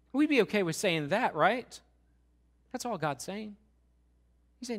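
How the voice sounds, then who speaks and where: A man preaching a sermon as pastor, talking in a conversational, animated way with quick asides and repeated restarts. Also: high voice. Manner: acts out what God and others say.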